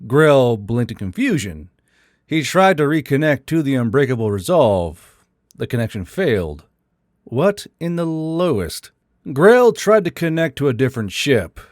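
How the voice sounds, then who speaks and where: A man narrates a science fiction story as a scripted audiobook, steady and even in delivery. His voice sits at a middling pitch and sounds dry and close, with no room around it. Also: measured pace, no echo.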